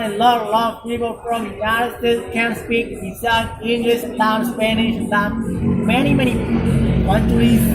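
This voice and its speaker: Young Indonesian man rambling in English. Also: high voice. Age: 20s. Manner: rambling, heavy use of "you know". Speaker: English club leader. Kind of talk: casual vlog talk. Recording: echoey with loud music behind.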